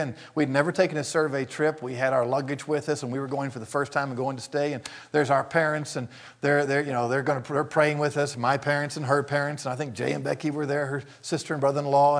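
A man preaching a sermon, telling a personal story, dropping to hushed asides and rising to shouted praise. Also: mid-range voice.

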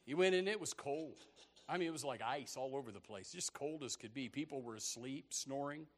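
A man preaching a sermon as a story, animated and often repeating words as he starts a sentence. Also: mid-range voice, fairly quick.

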